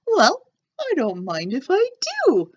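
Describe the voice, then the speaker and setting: A woman doing a squeaky, excited storybook dog. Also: takes it slowly, exaggerated voice. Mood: eager. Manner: squealing, high and eager. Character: excitable playful male dog. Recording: dull lo-fi sound.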